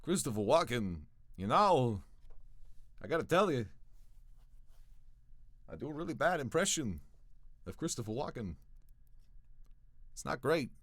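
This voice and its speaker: A man streaming live, chatting casually with his chat, jumping from loud excited bursts to low mumbles. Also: a little slow, pauses often, dry recording.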